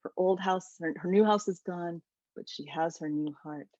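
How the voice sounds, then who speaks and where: A woman author gives an animated, enthusiastic webinar lecture about her book over a video call. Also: lowish voice, moderate pace, no room sound. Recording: dull lo-fi webinar audio.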